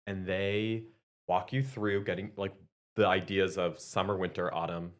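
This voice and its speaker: A man's voice: low voice, fairly even intonation, measured pace. Chatty man co-hosting a podcast. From Canada. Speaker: podcast co-host. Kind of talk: casual chat.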